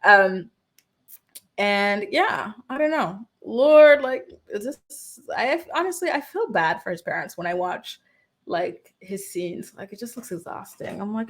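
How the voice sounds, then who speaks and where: A woman's voice: mid-range voice, animated, moderate pace, breathy edge. A young adult woman hosting a casual reality-TV recap, chatty and opinionated with many filler words. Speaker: YouTube recap host.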